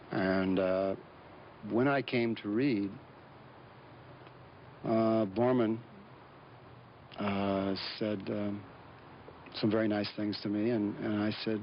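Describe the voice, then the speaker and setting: A man being interviewed as an actor, telling stories in a relaxed, rambling way with lots of fillers and restarts. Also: on the low side. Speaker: actor guest. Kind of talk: casual anecdotal interview talk. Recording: dull lo-fi recording with faint hiss.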